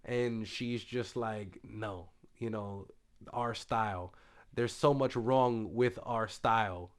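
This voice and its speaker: In a clean-toned, medium-pitched voice, a man reviews a TV show with spoilers, speaking casually. He retells scenes loosely, fills his speech with fillers, and every so often lowers his voice to paraphrase the characters in a hush.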